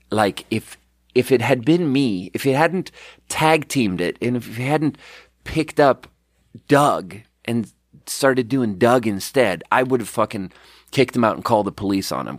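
A mid-pitched man tells a long story in loose podcast chat, circling back and restarting sentences. He swears freely and acts out other people's lines. The recording is dry and close to the mic. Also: dry recording. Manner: rambling, profane, with restarts and quoted dialogue. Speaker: podcast host, restaurant manager.

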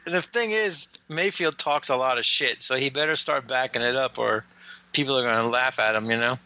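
A man with a gravelly voice and a very bright, sharp edge co-hosts a movie commentary, dropping in wry, playful quips. His mic sounds dull and muffled. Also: mid-range voice, no room sound. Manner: wry, quick interjections, playful. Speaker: podcast co-host. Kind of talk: casual commentary banter.

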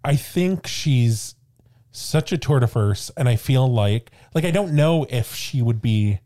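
A man's voice: medium pitch, animated, a little slow, mellow. A man co-hosting a podcast, talking in a thoughtful, somewhat hesitant casual way. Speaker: podcast co-host. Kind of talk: casual chat.

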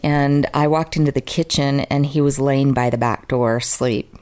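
A woman with an unusually deep, low-pitched voice speaks as a guest in an interview. She tells her own story in an earnest, open and emotional way, now and then making fun of herself. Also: fairly even intonation, normal speed, darkish tone. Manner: earnest, open and emotional, sometimes self-mocking. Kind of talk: candid personal storytelling in an interview.

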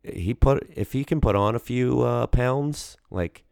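Man, podcast co-host, rambling casual chat, dry close sound, unhurried. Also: medium pitch, vocal fry, darkish tone, smooth, no echo. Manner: rambling, many fillers and restarts.

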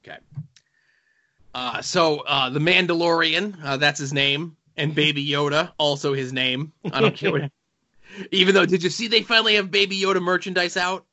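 Bright-voiced jokey podcast co-host. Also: male voice, on the high side, fairly even intonation, normal speed. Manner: chatty, jokey, rambling with fillers. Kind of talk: casual chat about comics and TV. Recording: dull lo-fi sound.

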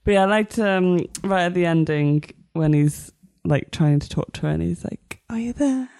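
A woman co-hosting a podcast in casual chat, hesitant with many pauses and ums. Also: fairly low pitch, creaky, darkish tone, smooth, dry recording, clean studio sound. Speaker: podcast co-host.

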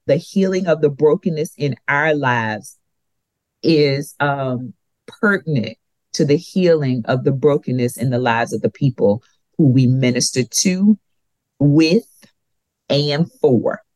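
A woman sharing Bible teaching in an earnest, emphatic way. She speaks slowly and deliberately and repeats key ideas for weight. The sound is dry and close. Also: deep voice, a little mellow, no echo, low-quality recording. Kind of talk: conversational Bible lesson.

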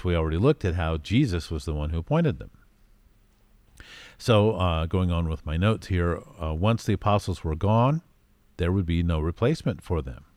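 Male Bible teacher, very low voice, dry close sound, chatty delivery with lots of fillers. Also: darkish tone, dry recording. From United States. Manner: conversational, frequent fillers, reads verses aloud with emphasis.

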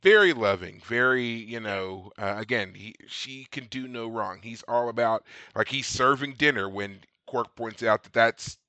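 A man co-hosting a podcast, recapping scenes in casual chat and slipping in quick quoted lines. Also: mid-range voice, pushed and bright, dry recording, highs cut off. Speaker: podcast co-host.

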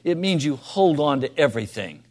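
Preaching at a moderate tempo, this man quizzes his audience directly and shifts from quiet, gentle remarks to booming, insistent pleas. His slightly high voice is very animated.

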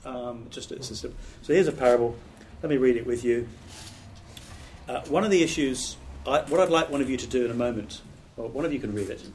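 A man's voice: medium pitch, a little fast, darkish tone, slight background noise. A middle-aged British man, a pastor, giving a training talk on preaching in an earnest, emphatic, conversational way with restarts. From Britain.

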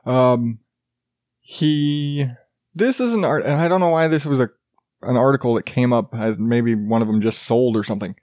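A man's voice: mid-range voice, moderate pace, darkish tone, no echo. Crude ranting man, dry close sound. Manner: crude, ranting, laughs at own jokes. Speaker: podcast host. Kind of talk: casual profane monologue.

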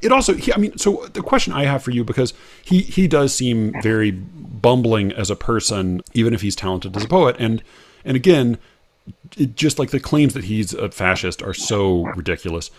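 An American man co-hosting a casual talk about poetry. He speaks with many fillers and restarts and gets animated when he makes a point. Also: medium pitch, moderate pace. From United States. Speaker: podcast co-host.

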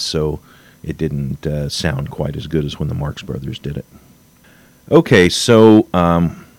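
Low-voiced man ranting on a podcast. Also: no echo. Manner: rambling, animated rants with frequent restarts. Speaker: podcast host. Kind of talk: solo podcast monologue. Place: home office.

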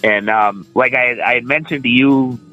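A man's voice: mid-range voice, normal speed, phone-quality sound, soft background music. A man chatting on a casual podcast, joking at his own expense. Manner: chatty, self-mocking humor.

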